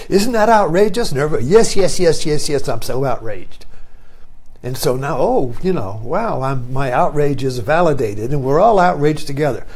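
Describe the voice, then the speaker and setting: An older man with a somewhat high voice talks to his online viewers in a loose, musing monologue. He keeps circling back with little "you see" tags, thinking aloud as he goes. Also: darkish tone, slightly rough. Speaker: online talk host. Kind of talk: rambling philosophical monologue.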